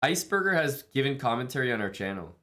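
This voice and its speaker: Bright-voiced laid-back male streamer. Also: mid-range voice, big pitch swings, fast. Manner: laid-back, jokey, calls viewers bud and bro. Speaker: live streamer. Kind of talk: casual stream chat, reading viewer messages.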